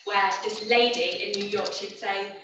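A woman's voice: mid-range voice, fairly even intonation, a little slow, background noise. A woman giving a conversational teaching talk as a biblical counsellor at a church evening. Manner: chatty, conversational, with asides and fillers. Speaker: biblical counsellor, guest speaker. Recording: echoey hall, far from the mic, dull sound.

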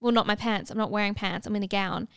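Young woman rambling thru a story, lots of likes, smooth clear voice, dry close sound. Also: mid-range voice, fast, no room sound. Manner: animated, many filler "like"s, acts out dialogue. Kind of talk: casual storytelling chat.

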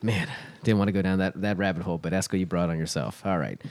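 A man's voice: deep voice, fairly even intonation, fast, a little mellow. A man hosting a podcast, teasing his co-hosts in casual chat and steering the conversation. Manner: wry, teasing, steers the talk. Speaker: podcast host.

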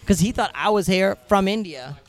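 Podcast guest, American man in his thirties, slightly high voice, cursing and laughing through casual stories. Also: normal speed. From United States. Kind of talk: casual storytelling chat.

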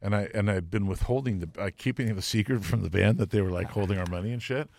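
A middle-aged man, a guest musician, telling profane, animated stories and acting out the voices of the people in them. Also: fairly low pitch, fast talker, vocal fry, no echo, clean studio sound. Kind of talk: casual storytelling.

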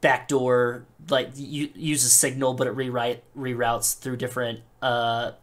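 A game master narrates a tabletop game in a halting way. The delivery is loose and casual, stringing ideas together with "like" and restarts, at an everyday middle pitch. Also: flat delivery.

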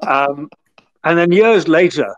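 A man's voice: a little high, takes it slowly. Man telling long stories, slightly muffled. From North of England. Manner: rambling with many fillers and restarts. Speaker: guest, former football club chief executive. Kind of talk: relaxed anecdotal storytelling.

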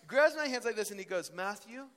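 A young man teaching at a ministry school, telling stories in an animated preaching style. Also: high voice, fast. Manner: animated storytelling, voice rising and falling with emotion. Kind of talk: sermon. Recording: long hall reverb.

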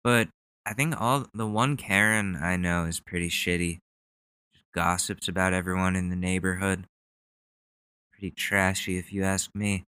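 A man's voice: deep voice, steady tone, moderate pace, bright, forceful tone, clear, resonant tone, no room sound. Young man rambling on a casual podcast. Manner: rambling, profane, chuckling. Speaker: podcast host. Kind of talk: casual chat.

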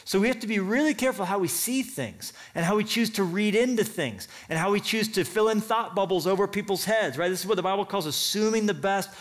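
A man preaching a sermon in a casual, conversational way, often checking in with the listeners. He tells the story with energy and acts out what each character says. His voice sits a little higher than most men's. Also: a little fast, few pauses. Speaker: pastor.

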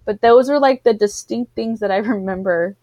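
Brief: woman storyteller, lively, quotes others, dry close mic. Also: mid-range voice, moderate pace, dry recording, lo-fi sound. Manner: animated storyteller, acts out what others said. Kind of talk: casual chat, personal birth story.

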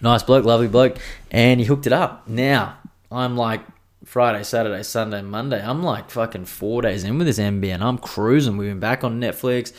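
A man's voice: medium pitch, moderate pace. An Australian man hosting a podcast, telling a long, sweary, ranting story in a casual monologue. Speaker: podcast host.

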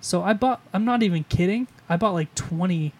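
A man's voice: sits high, moderate pace, darkish tone. A man co-hosting a podcast, telling stories in casual chat, swearing freely. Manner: profane, storytelling, does silly put-on voices. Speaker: podcast co-host.

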